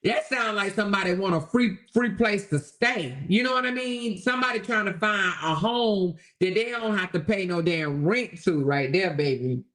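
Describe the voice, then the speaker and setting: A woman hosting a casual livestream commentary, animated and exclamatory, talking straight to her viewers and reading their comments aloud. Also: mid-range voice, moderate pace, hardly any pauses.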